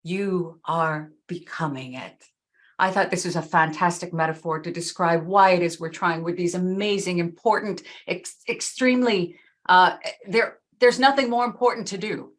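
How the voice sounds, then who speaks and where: A middle-aged woman gives a talk with a slightly low voice. She speaks earnestly and with emphasis. She slows down to lean on the phrases she wants to land. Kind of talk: talk with slides.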